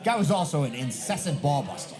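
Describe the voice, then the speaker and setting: A man's voice: fairly high pitch, sing-song, a little fast, crowd noise. A man, co-hosting a podcast live from a bar and telling loose, profane stories to friends. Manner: profane, joking, loose storyteller. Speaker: podcast co-host. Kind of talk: casual storytelling among friends.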